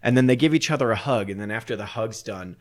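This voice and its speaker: A man's voice: lowish voice, fast talker. A man casually telling a long, rambling story on a podcast, laughing often and swearing freely.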